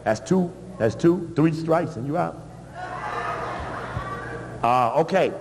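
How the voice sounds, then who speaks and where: A man giving an animated, emphatic public talk with blunt asides. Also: on the high side, slow pace, gravelly, in a large hall, a crowd in the background. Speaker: public speaker.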